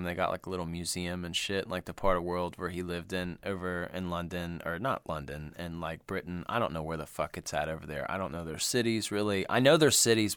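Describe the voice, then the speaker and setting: A man co-hosting a podcast in profane, excitable casual chat, laughing often. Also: sits low, smooth, no room sound. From United States. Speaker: podcast co-host.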